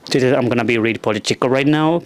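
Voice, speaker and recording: A man's voice: mid-range voice, very fast, clear, resonant tone, dry recording. A young man with a non-native English accent doing a rambling, self-deprecating stand-up comedy monologue.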